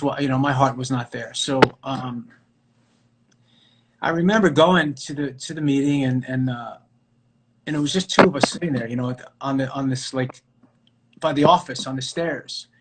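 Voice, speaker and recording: A middle-aged man from New York, an actor guest telling stories casually on a live video call, animated and full of fillers and restarts. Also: medium pitch, very noisy. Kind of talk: casual storytelling interview.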